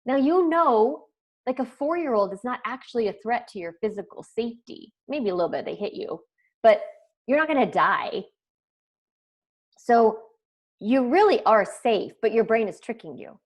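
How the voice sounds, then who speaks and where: A woman's voice: a little high, animated, moderate pace. A woman parenting coach leads a live online training. She talks in a conversational, chatty way and keeps turning to the viewers with casual asides.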